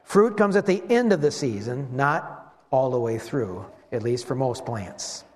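A man preaching a sermon as pastor, animated and slowing down to stress key words. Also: mid-range voice. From West Michigan. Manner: animated preaching, slows for emphasis. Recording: long hall reverb.

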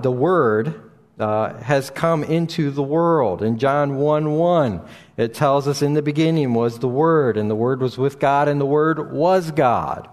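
A man teaching from the Bible in an explanatory way, often pausing and restarting his sentences. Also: mid-range voice. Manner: explanatory, with frequent fillers and restarts. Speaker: preacher. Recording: long reverb in a hall.

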